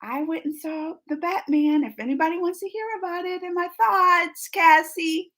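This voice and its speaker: Bright-voiced chatty woman. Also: extremely high pitch, moderate pace, low-quality recording. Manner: chatty, emotional, laughs often, reads comments aloud. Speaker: live stream host reading chat. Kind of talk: casual live chat.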